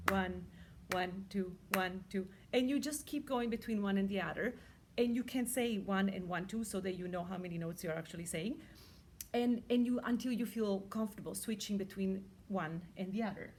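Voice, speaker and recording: A woman music teacher talks through simple rhythms at a middling pitch, chatty and relaxed. She breaks off to chant the counts and syllables aloud as she goes. A faint noise sits under the recording.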